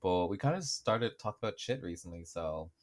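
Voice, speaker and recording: A man's voice: low-pitched, expressive, brisk. A young man co-hosting a podcast in casual, sarcastic chat. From Ireland. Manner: chatty, joking, sarcastic. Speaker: podcast co-host.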